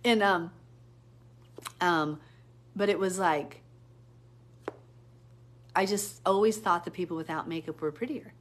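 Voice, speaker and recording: Casual woman host, lowish voice, chatty and rambling, talks straight to viewers. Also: slow, long pauses. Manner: animated storytelling with sudden pitch jumps. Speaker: Bible teacher hosting a live stream. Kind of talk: casual live-stream chat.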